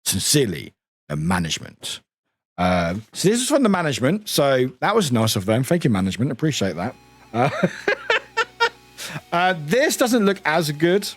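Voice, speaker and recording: A man's voice: on the high side, huge pitch swings, normal speed, long pauses, soft background music. A man streaming a game, chatting casually and giggling as he stumbles through reading text aloud. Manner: giggly, stumbles over words and restarts readings.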